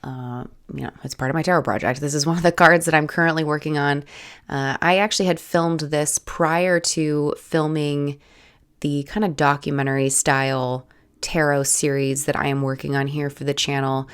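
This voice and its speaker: A young woman with a head cold and a raspy voice, chatting casually in a rambling voiceover for her art video. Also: deep voice, fairly even intonation, moderate pace. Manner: rambling, casual, many "like"s and restarts. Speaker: art channel host.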